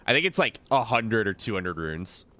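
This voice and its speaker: Lively bright-voiced male streamer. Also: on the low side, moderate pace. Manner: casual, chatty, talks to chat. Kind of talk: live gameplay commentary.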